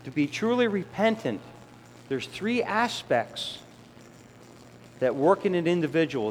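A man's voice: on the high side, darkish tone, slight background noise. A middle-aged man preaching a conversational sermon who acts out the voices of sinners and children. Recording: long hall reverb, faint ambience.

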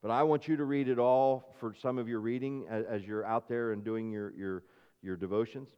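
A man preaching a sermon as pastor, swinging between emphatic, rising passages and quieter asides. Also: mid-range voice, fairly even intonation, moderate pace, clean tone, big-room sound, highs cut off.

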